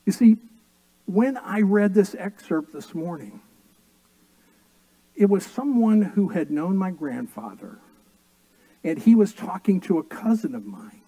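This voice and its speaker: A man's voice: high-pitched, big pitch swings, unhurried, pauses often, warm tone, no room sound, rough recording. A middle-aged man, a pastor, preaching a sermon and telling family stories with dry humor.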